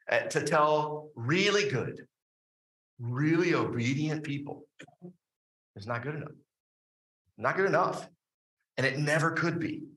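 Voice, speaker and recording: A man delivers a sermon in a bright, forward voice, leaning on tag questions and filler words as he thinks aloud. His voice rings out in a roomy, echoing sanctuary. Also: fairly low pitch. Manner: animated preaching with frequent fillers and tag questions. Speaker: pastor.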